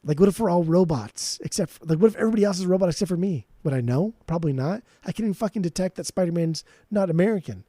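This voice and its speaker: A man co-hosting a casual podcast, rambling and ranting with plenty of swearing. His pitch swings widely while the tone stays mellow and low-key. The sound is close and dry. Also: animated, very fast, few pauses, dry recording. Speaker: podcast co-host.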